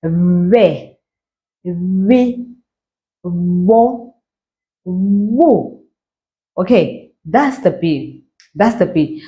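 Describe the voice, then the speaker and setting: A woman's voice: low-pitched, darkish tone. A woman from Zimbabwe teaching a beginner reading class, patiently drawing out each model word and checking in with okay and all right. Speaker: language teacher. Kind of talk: slow pronunciation lesson.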